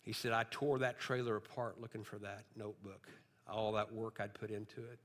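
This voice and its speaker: A man's voice: on the low side, little pitch movement, brisk. A male pastor preaching a sermon, telling a story and then building to emphatic, rising appeals. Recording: long hall reverb.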